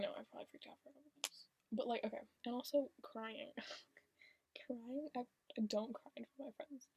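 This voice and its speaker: A teenage girl vlogging in a hushed, half-whispered confessional monologue, blunt and deadpan, swearing often. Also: fairly high pitch, husky, no room sound, poor audio. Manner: half-whispered, kept quiet on purpose.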